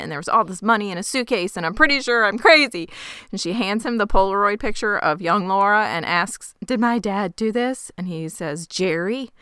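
A woman's voice: mid-range voice, clean tone, no echo, clean studio sound. A woman co-hosting a casual podcast, animatedly retelling a TV episode and acting out the characters' lines. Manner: animated storytelling, mimics characters. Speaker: podcast co-host. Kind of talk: casual recap chat.

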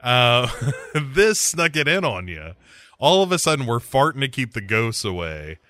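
Bright-voiced joking podcast host man. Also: mid-range voice, measured pace, no echo. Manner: jokey, animated plot retelling with quoted voices. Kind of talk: casual movie discussion.

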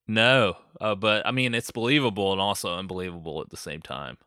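A man with a cold and a sore throat chats loosely as a podcast co-host, joking and laughing between lines. His voice sits low but cuts through brightly and forcefully. The sound is dry and close, with no room around it. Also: a little fast, clean tone, dry recording. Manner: joking, laughs often, sings off-key bits for fun. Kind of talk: casual chat.

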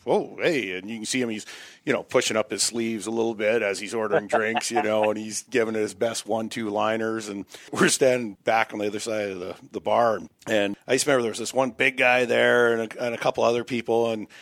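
A man's voice: on the low side, a little fast, dry recording, clean studio sound. Laughing man telling a bar story. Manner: animated, laughs often, acts out quotes. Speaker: guest storyteller. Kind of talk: casual storytelling.

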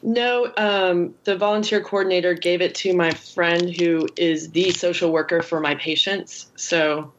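A woman's voice: lowish voice, steady tone, a little slow, few pauses, dull audio, slight background noise. A woman joining a podcast over a video call, talking earnestly and a little self-deprecatingly about her week. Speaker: podcast guest, student. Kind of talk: casual chat.

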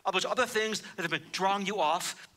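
A high, very bright male voice delivering a sermon. He swings from hushed, low lines to loud, ringing declarations. He leans on repetition to drive points home. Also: a little fast. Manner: dramatic preaching, swinging between hushed and loud; repeats phrases for emphasis. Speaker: pastor.

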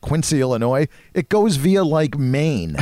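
A man's voice: fairly high pitch, lively intonation, a little slow, warm tone, no echo. A man co-hosting a podcast, telling stories in a rambling, chuckling way. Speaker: podcast co-host, marketing professor. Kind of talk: casual chat.

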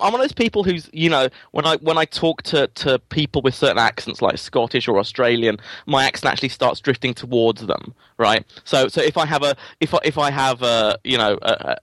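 A man's voice: medium pitch, fairly bright tone, no room sound. A man from England with an English accent drifting toward American, a guest chatting casually and stumbling over his words in self-deprecating asides. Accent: English, softened toward American. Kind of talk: casual interview chat.

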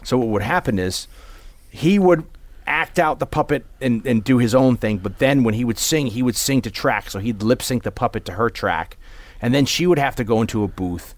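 Lively intonation marks this man's medium-pitched voice as he co-hosts a podcast at a moderate pace. The recording is dry, and his casual talk wanders, packed with fillers and restarts.

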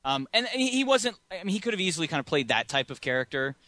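A man's voice: fairly high pitch, big pitch swings, quick pace, bright, forceful tone, no echo. A man co-hosting a podcast, rambling through casual movie chat and chuckling often. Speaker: podcast co-host.

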